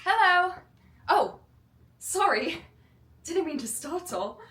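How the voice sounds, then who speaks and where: An actress putting on a bright, chirpy young British woman, her put-on accent pitched well above her usual voice. The lines come out eager and cheery, as in a rehearsal for a stage audition. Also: big pitch swings, takes it slowly, roomy sound, heavily acted. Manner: bright, chirpy line reading.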